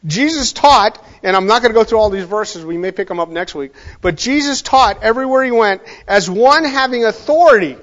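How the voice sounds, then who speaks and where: High-voiced man teaching scripture, muffled. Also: fairly quick, hardly any pauses, a bit bright. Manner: conversational, emphatic, digressive, with self-corrections. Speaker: Bible teacher. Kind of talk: informal verse-by-verse sermon.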